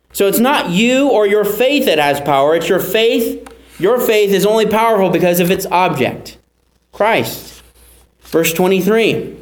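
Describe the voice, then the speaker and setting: A man's voice: high voice, reverberant, poor audio. A man preaching a sermon, earnestly teaching and repeating key phrases for emphasis. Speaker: pastor.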